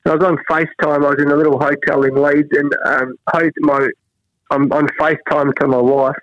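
A middle-aged Australian man in a relaxed interview, telling stories and acting out what others said. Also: a little fast, dry recording. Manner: animated, acts out quoted voices with big pitch jumps. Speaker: national cricket head coach, guest. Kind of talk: casual storytelling interview. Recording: dry, dull lo-fi sound.

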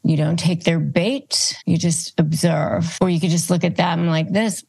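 A woman hosting an advice show, calmly teaching phrases and acting them out as examples. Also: lowish voice, a little slow, creaky, few pauses, husky. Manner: calm, instructive, demonstrates phrases aloud. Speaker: host. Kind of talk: advice talk to camera.

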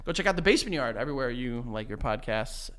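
A man's voice: medium pitch, lively intonation, fast talker, a bit bright, clean tone. A man co-hosting a podcast in casual chat, rambling and hesitant, filling his sentences with "like". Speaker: podcast co-host.

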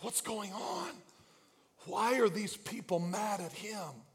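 A man preaching a sermon as pastor, acting out the scene and swinging from hushed asides to shouted cries. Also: high-pitched, lively intonation, slow. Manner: dramatic, acts out voices, swings from hushed to shouting.

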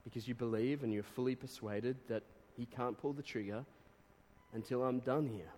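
A man preaching a sermon, reading quotes aloud and breaking into animated exclamations. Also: mid-range voice, moderate pace. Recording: long reverb of a hall.

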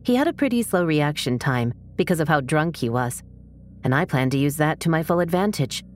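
A woman narrating a first-person true story in a measured, tense storytelling manner. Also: deep voice, lively intonation, soft background music.

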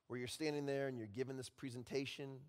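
A male pastor preaching a sermon, telling stories and dropping at times to a hushed voice. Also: medium pitch, fairly even intonation, fast, clear, resonant tone. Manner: storytelling with sudden drops to a hushed voice. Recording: long reverb in a large hall.

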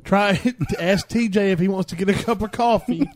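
A man's voice: sits high, normal speed. A man casually chatting on a podcast, teasing his friends with wisecracks. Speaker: podcast co-host. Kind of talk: casual chat.

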